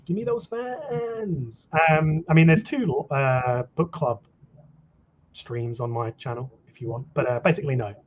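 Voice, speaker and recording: A man's voice: mid-range voice, normal speed, slight background noise. A man chatting casually on a livestream video call, hesitant and full of ums and restarts. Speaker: livestream guest. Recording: dull lo-fi call audio.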